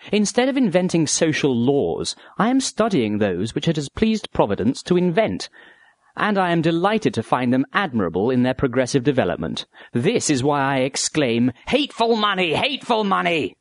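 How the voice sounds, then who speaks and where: A man reading a dialogue aloud in a measured, earnest way, voicing one side of the conversation. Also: on the high side, big pitch swings, dry recording. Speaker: narrator. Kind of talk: read-aloud dialogue narration.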